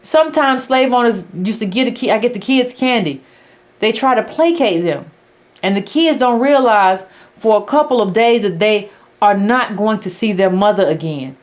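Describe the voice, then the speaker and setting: A woman's voice: medium pitch, lively intonation, moderate pace. A woman hosting a political commentary monologue who speaks bluntly and sarcastically. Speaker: host of a political commentary channel.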